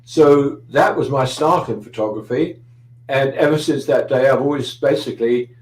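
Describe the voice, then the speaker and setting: A man's voice: mid-range voice, moderate pace, a little mellow, reverberant, poor audio. A middle-aged man with a London accent, a guest chatting in an interview, anecdotal and dryly humorous with frequent hesitations. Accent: British, London. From London, England. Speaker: guest photographer. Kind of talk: casual interview chat.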